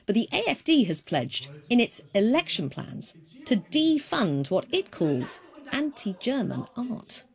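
A woman news reporter giving a scripted report with a clear, measured delivery. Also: a little high, sing-song.

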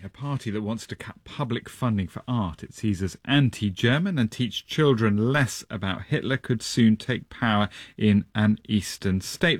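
A man hosting a news program, presenting and interviewing in a brisk, clear way. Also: medium pitch, dry recording, studio quality. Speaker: news host.

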